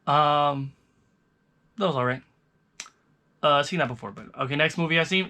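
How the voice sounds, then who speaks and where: A young man talks casually to camera, rambling loosely and starting his sentences over. His voice is bright and forward, pitched a little high for a man. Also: fairly quick, pauses often. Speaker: vlogger reviewing movies. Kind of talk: casual chat.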